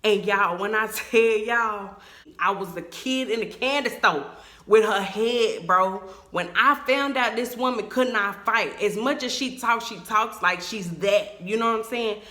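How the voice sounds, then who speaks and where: A young woman, telling a story to her viewers in an emphatic, animated way. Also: mid-range voice, a little slow. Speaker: vlogger. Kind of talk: storytime vlog. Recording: echoey room.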